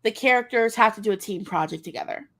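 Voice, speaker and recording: Woman co-host, playful and chatty, raspy vocal fry. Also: medium pitch, fast talker, fairly bright tone. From United States. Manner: playful, spins silly imagined scenarios. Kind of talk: casual chat.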